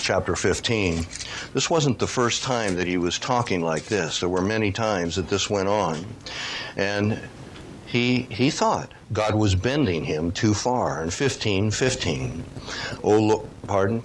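A man's voice: fairly low pitch, slight background noise. A man preaching a sermon, reading scripture aloud and pressing his points with rising, questioning emphasis.

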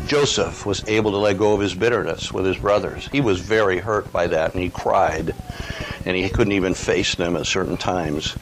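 A man's voice: low-pitched, normal speed, a little hiss or hum, low-quality recording. An older man preaching a sermon in a conversational, earnest way, often asking rhetorical questions.

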